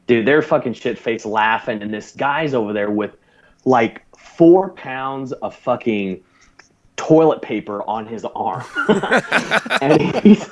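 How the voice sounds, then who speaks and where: A man's voice: mid-range voice, slow pace. Brief profane man spinning a story. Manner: profane, animated, laughs while telling. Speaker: podcast guest, former navy corpsman. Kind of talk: casual storytelling.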